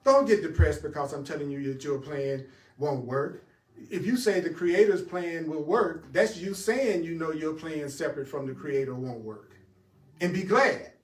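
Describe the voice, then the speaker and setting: A man's voice: fairly high pitch, normal speed, echoey room, distant mic. A man teaching a spiritual class, talking straight to his audience with emphasis and frequent laughter.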